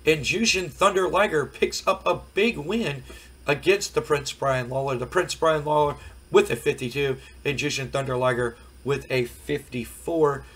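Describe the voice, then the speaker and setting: A hoarse man casually commenting on a wrestling management game, rambling with many fillers. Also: a little high, moderate pace, fairly bright tone, rough recording. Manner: rambling, frequent fillers, recapping results. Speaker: game streamer. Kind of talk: casual let's play commentary.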